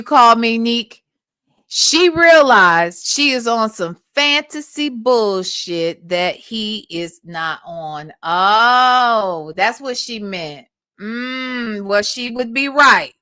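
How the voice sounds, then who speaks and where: A woman's voice: a little high, lively intonation, takes it slowly, pushed and bright, smooth, no room sound, studio quality. Blunt, outspoken woman livestream host. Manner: blunt, profane, talks back to the audio. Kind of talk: casual commentary on played recordings.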